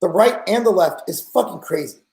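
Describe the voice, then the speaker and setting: Podcast host, man in his forties, high-pitched, blunt exasperated rant, echoey room. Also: animated, fairly quick, creaky, a little mellow. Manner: blunt, profane, exasperated ranting.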